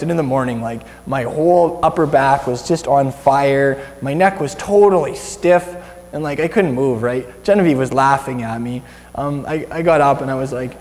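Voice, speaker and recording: A man's voice: on the high side, a little mellow, long reverb tail. A young Canadian man giving informal Bible teaching to a small group, chatty and rambling, with many restarts.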